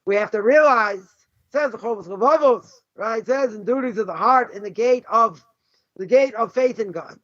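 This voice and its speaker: A man's voice: sits high, normal speed, a bit bright, no room sound. A man teaching a class as a rabbi, emphatic and full of rhetorical questions. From Boston. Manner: emphatic, rhetorical questions, frequent "right?" and "you know". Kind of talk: animated Torah lesson. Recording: dull lo-fi dry recording.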